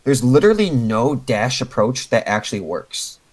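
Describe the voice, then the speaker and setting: A man's voice: mid-range voice, very animated, normal speed, a little mellow, rough recording. A man coaching a player over a voice call, patiently explaining step by step with lots of fillers. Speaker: game coach.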